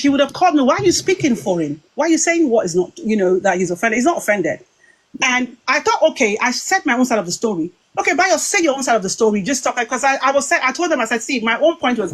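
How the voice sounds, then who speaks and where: A British woman talking casually, retelling a heated group-call dispute in an animated, aggrieved way with many quoted exchanges. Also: high voice, fast talker. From Britain. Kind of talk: casual storytelling to viewers.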